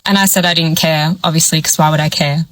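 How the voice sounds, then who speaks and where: A woman's voice: low-pitched, fast, low-quality recording. A young woman telling a dating storytime, acting out what people said along the way. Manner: animated, acts out quoted dialogue. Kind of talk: storytime vlog.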